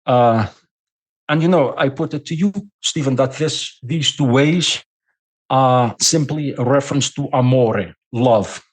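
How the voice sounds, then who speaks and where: A man's voice: medium pitch, a little slow. A man from Portugal with a Portuguese accent, a non-native English speaker, explaining at length as a podcast guest and often repeating words as he thinks. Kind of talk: podcast conversation.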